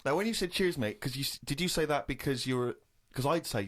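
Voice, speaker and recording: An English man in his thirties on a casual comedy podcast, telling an indignant anecdote with animated storytelling. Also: medium pitch, quick pace. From England.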